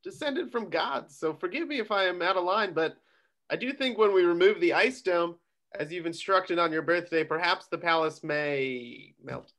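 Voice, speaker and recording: A man playing a young, exceedingly polite chocolatier with a London accent. His voice is somewhat high, and his manner is dry and formal. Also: normal speed, a bit bright. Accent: London English. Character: young male chocolatier, overly polite gentleman. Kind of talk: comedic table read.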